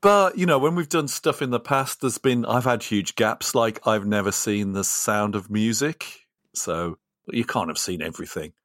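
A man with a somewhat low voice talks through ideas on a podcast in a loose, rambling way, laughing easily. The close mic gives a dry sound with no room around it. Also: normal speed, a bit bright, no room sound. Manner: rambling, chatty, laughs often. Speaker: podcast co-host. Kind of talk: casual podcast discussion.

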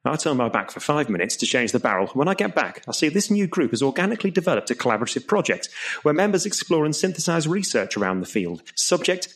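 A man doing a stand-up comedy routine as compere, telling long joke stories. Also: mid-range voice. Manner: lively storytelling with put-on voices for characters.

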